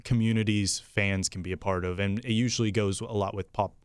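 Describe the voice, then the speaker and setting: A young man, the show's producer, chatting casually and easily, with lots of fillers and quick laughs. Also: fairly low pitch, fairly even intonation, clean tone, no room sound. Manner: easygoing, laughs often, many fillers. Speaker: podcast producer. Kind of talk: casual chat.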